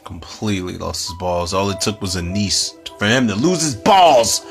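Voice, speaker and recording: A man's voice: on the low side, moderate pace, creaky, faint music behind. A man hosting a casual, profane watch-along commentary, riffing loosely on the film as it plays. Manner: profane, animated, riffs on the film. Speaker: movie commentary host. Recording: film soundtrack playing behind.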